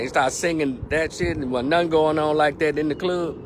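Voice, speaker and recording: A middle-aged man, a movie reviewer in a casual vlog, retelling scenes in a rambling, animated way with plenty of profanity. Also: on the high side, brisk, hardly any pauses, background noise.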